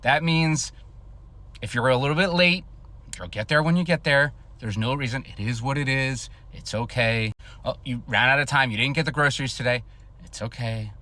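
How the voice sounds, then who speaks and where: Earnest man lecturing, bright voice. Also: mid-range voice, brisk. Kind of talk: commentary to camera.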